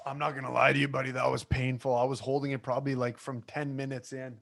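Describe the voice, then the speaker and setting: A man co-hosting a sports podcast, joking and bantering with his co-host in animated, quick exchanges. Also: mid-range voice, creaky.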